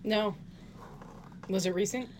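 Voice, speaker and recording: A woman's voice: mid-range voice, slow pace, slight background noise. A woman co-hosting a casual movie podcast, chiming in with dry, matter-of-fact remarks. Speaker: podcast co-host. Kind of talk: casual movie recap chat.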